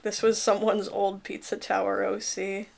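A woman casually commentating a game she is playing, excitable and jokey, laughing often and yelping when things go wrong. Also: mid-range voice, a little slow, gravelly. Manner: excitable, laughing, swearing, yelps in panic. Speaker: gameplay commentator. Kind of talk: casual let's-play commentary.

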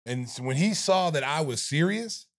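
A man's voice: a little high, expressive, normal speed. A middle-aged man, a podcast host and former coach, telling a story with lots of acted-out quotes, laughs and swearing. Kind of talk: animated storytelling.

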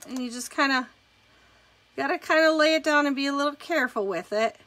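Woman, craft demo host, casual and chatty, narrates her steps, bright and slightly high. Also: brisk. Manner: chatty, talks through each step as she works. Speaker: craft demonstrator hosting a live stream. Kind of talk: casual step-by-step craft demonstration.

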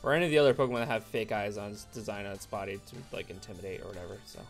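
A man's voice: on the low side, expressive, racing, faint music behind. A man giving casual, rambling let's play commentary, sarcastic and chatty with viewers. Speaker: gaming YouTuber.

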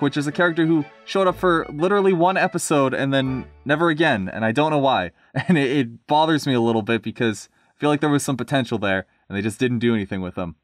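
A man narrating a storybook and breaking off into casual, chatty commentary. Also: mid-range voice. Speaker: story reader and reviewer.

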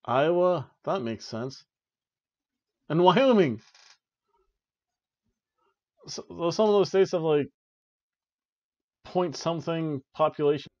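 A man's voice: mid-range voice, darkish tone, no room sound, lo-fi sound. A young man hosting a wrestling review podcast, giving casual, joking play-by-play with lots of fillers. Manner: rambling, joking, frequent "uh" and "like".

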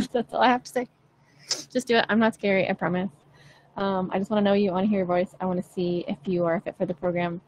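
A woman's voice: medium pitch, steady tone, quick pace, a little mellow, a little hiss or hum, rough recording. A woman vocal coach chatting casually with viewers in a live Q&A, encouraging and full of fillers. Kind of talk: live-stream Q&A chat.

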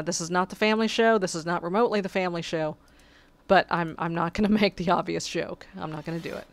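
A woman's voice: mid-range voice, a bit bright. A woman giving casual, chatty commentary while she plays a video game, talking back to the creatures and getting exasperated. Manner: sarcastic asides. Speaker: gameplay commentator.

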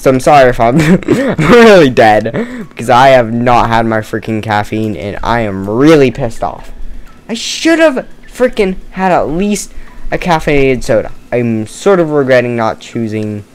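A man's voice: medium pitch, lively intonation, a little slow. A man doing casual let's-play commentary on a murder mystery game, tired from no caffeine, rambling, joking at himself and swearing.

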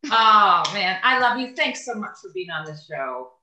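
A woman's voice: medium pitch, sing-song, normal speed, bright, forceful tone, roomy sound. A woman hosting an interview show, chatting casually and gushing affectionately at her guest. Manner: effusive and affectionate. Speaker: host.

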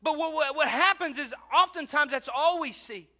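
A man preaching a sermon in a church, swinging between loud, emphatic bursts and quiet asides. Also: very high voice, moderate pace. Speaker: pastor.

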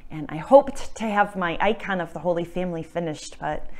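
A woman hosting a religious talk show from her home, teaching in a gentle, casual way with many ums, her voice slightly cracking from disuse. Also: on the low side, normal speed. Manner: soft-spoken, gentle, with frequent ums and self-corrections. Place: at home, indoors.

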